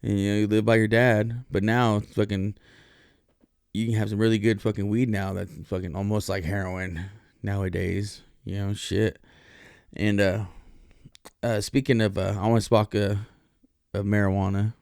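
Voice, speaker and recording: A man's voice: lowish voice, flat delivery, moderate pace, gravelly, a little mellow, smooth, no room sound, clean studio sound. A man hosting a podcast, talking in a loose, profane, rambling monologue full of fillers. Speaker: podcast host.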